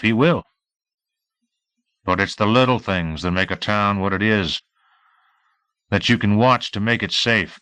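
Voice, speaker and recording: Un homme faisant un chef de police têtu et ferme. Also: male voice, on the low side, bright, forceful tone, no echo, low-quality recording. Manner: firm, resolute. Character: stubborn middle-aged male police chief.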